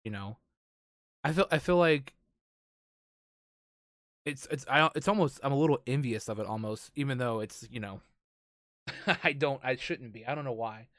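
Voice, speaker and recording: A man hosts a casual conversation in an easygoing, curious way, often thinking aloud mid-sentence. His pitch is ordinary for a man. The sound is close and dry. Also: moderate pace, pauses often, fairly bright tone, no room sound. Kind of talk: casual chat.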